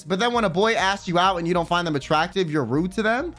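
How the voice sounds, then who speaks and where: A man's voice: sits high, animated, quick pace, a bit bright, soft background music. A man streaming live, ranting bluntly and with plenty of profanity while he reads out viewer messages. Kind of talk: casual livestream rant.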